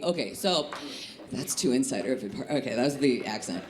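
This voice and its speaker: Animated woman doing stand-up. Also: a bass voice, normal speed, noisy background. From Chicago area. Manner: lively, animated, punchy delivery. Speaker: stand-up comic. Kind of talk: stand-up comedy set. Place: comedy club stage. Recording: live club with echo and crowd laughter. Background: laughing audience.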